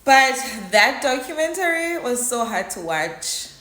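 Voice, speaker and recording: An emotional vlogger from South Africa's Eastern Cape gives casual commentary, mixing English with isiXhosa. Her voice is high, sharp, and very animated yet unhurried, set in a roomy echo.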